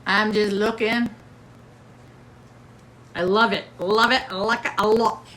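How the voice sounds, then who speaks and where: Bright, chatty woman hosting a livestream. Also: fairly high pitch, slow, pauses often, slight background noise. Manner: chatty and playful, reads out viewer comments. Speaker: livestream host. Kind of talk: casual livestream chat.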